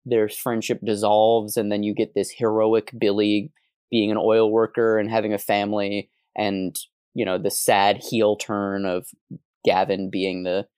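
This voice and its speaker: A man co-hosting a casual podcast, talking in an animated, wordy and analytical way with quick asides. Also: on the low side, clear, resonant tone, dry recording, studio quality. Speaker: podcast co-host.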